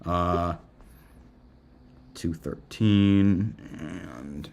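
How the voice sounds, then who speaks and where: A man's voice: low voice, drawn-out words, creaky, a little mellow. A man hosting a live racing reaction stream, talking casually and rambling. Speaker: livestream host.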